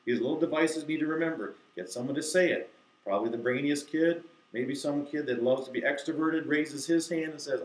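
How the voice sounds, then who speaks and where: A man explaining to teachers how to teach a verse to children, acting out slow, deliberate recitation. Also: medium pitch, animated, roomy sound, poor audio. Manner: demonstrates, reciting key phrases slowly and deliberately. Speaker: Bible teacher. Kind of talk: instructional talk to teachers.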